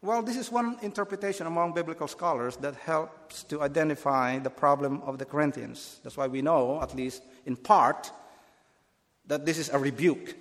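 A man's voice: a little high, normal speed, fairly bright tone, long reverb tail. A man preaching a Bible teaching sermon, earnest and explanatory, often restarting his phrases.

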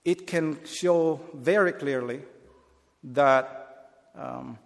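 A man's voice: on the high side, extremely slow, gravelly, in a large hall. A man preaching a Bible teaching sermon, earnest and explanatory, often restarting his phrases.

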